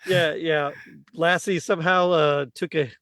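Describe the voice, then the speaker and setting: A man's voice: on the high side, fairly even intonation, a little slow, fairly bright tone. A man appearing as a podcast guest who chats casually, agrees easily and laughs a lot. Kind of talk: casual chat.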